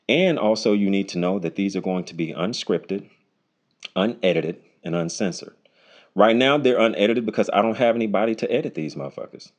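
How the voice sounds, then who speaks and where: A man hosting his own unscripted solo podcast, talking bluntly and casually with lots of swearing, his voice jumping high when he jokes. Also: a little mellow. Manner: voice jumps high when joking. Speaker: podcast host. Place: home recording, unedited.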